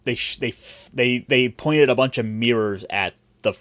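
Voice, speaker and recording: A podcast host who grew up in Cleveland and Puerto Rico chats casually, rambling, joking and interrupting himself with frequent restarts. His voice is medium-pitched and fairly bright, at a normal speed, with no echo.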